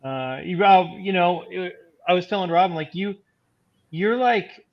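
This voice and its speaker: Comic writer, male, slightly higher voice, halting and laid-back, dull lo-fi sound. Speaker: comic book writer, co-host. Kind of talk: casual chat.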